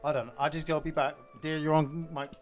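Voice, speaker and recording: A male streamer chatting casually while gaming, retelling a film scene with animated emotion. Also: fairly high pitch, fast, faint music behind.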